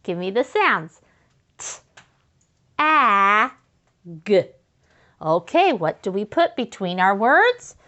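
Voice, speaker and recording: Heard through lo-fi sound, this teacher has a medium-pitched, bright voice with a forceful tone. She walks little kids through writing sentences one step at a time, sounding out each letter and word and offering lots of encouragement.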